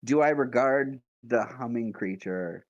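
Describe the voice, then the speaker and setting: A man's voice: mid-range voice, a little slow, dry recording, highs cut off. A man playing in a tabletop game, giggly and hesitant. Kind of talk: casual game chat.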